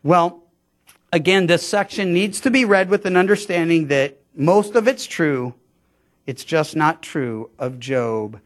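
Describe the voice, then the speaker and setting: A man with a notably high voice delivers a Bible-teaching sermon. His tone is chatty rather than grand, and he often repeats a word before finding his sentence. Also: a little slow. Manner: conversational, frequent stammered restarts. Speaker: pastor.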